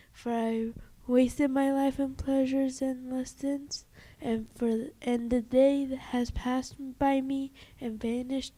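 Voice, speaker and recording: A woman reading long penitential prayers aloud, halting and stumbling over words as she goes. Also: sits high, mellow, rough recording. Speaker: prayer reader.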